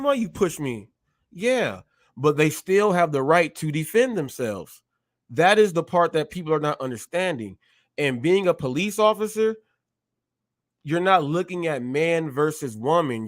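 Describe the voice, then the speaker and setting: A man hosting a live stream, talking in an animated way, often repeating himself and acting out short exchanges. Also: on the high side, no room sound, studio quality. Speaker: show host.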